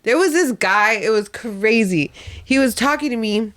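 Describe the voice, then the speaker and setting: A woman's voice: a little high, animated, moderate pace, a bit bright. A young woman co-hosting a podcast, chatting casually and acting out quotes in her stories, often laughing. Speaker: podcast co-host. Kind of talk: casual chat.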